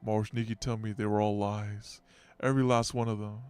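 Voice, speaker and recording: A man's voice: lowish voice, level tone, fairly quick, darkish tone, clean tone, soft background music, natural voice. A man voicing an aging giant beast-tsar in a game story, reading in a grave, solemn way. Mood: brooding.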